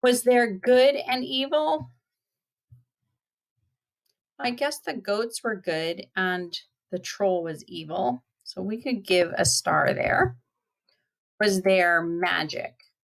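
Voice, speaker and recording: A woman teacher reading a picture book aloud to children, pausing to point out the pictures and explain words. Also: medium pitch, gravelly.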